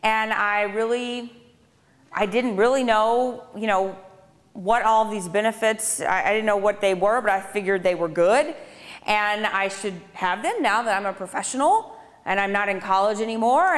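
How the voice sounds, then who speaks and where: A woman's voice: mid-range voice, normal speed. A woman in her thirties giving a conversational personal testimony to a live audience, with dry sarcastic asides. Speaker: public speaker. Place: lecture hall on a speaking tour. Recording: reverberant hall sound.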